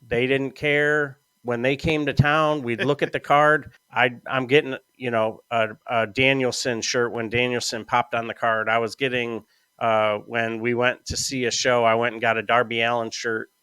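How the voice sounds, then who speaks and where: A podcast host chats in a relaxed way, his smooth, resonant, medium-pitched voice recorded close and dry with no room sound. He spins long, rambling stories at a moderate, easy pace, swearing casually as he goes.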